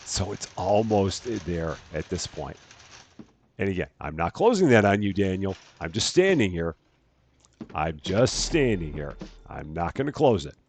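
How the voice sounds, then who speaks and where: A man's voice: deep voice, sing-song, unhurried, darkish tone, slight background noise. A man hosting a let's-play, chatting casually and narrating each task aloud, often correcting himself. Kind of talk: casual gameplay commentary.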